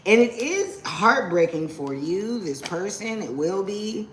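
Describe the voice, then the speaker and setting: A young adult woman giving a casual live-stream tarot reading, slangy and quick to exclaim. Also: medium pitch, sing-song, slight background noise. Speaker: tarot reader.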